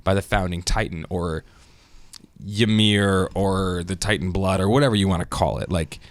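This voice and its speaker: Male podcast co-host, animated storyteller, dry close sound. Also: low-pitched, normal speed, no room sound. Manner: animated, acts out characters' lines. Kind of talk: casual chat, recapping an episode.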